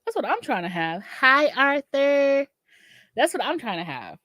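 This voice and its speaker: A woman's voice: mid-range voice, wildly swooping pitch, quick pace, husky, dry recording, studio quality. A woman from Massachusetts co-hosting a podcast, talking bluntly in casual chat and laughing often. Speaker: podcast co-host.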